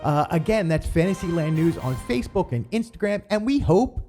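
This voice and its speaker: A man's voice: high-pitched, expressive, fairly quick, warm tone, soft background music. A middle-aged man hosting a theme-park news show in casual, rambling chat full of ums and uhs.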